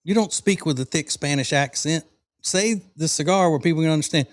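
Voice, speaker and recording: A man's voice: mid-range voice, animated, moderate pace, dry recording, studio quality. A middle-aged man from the South, hosting a casual cigar-smoking podcast chat in a rambling, folksy way with fillers and restarts. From American South. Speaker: podcast host.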